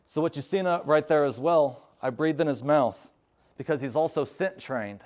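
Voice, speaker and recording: A man's voice: on the high side, moderate pace, a little mellow. Earnest veteran man teaching a class. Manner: earnest, emphatic, gives firm dog commands. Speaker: veteran speaker with service dog. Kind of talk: live class talk and demonstration. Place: university classroom.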